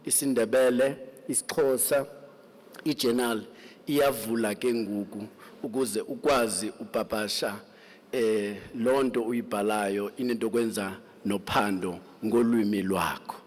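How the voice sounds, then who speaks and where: Male guest speaker, mid-pitched, formal, measured with fillers. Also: a little mellow. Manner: measured, frequent filler pauses, mixes languages. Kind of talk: formal thank-you speech. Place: awards event venue.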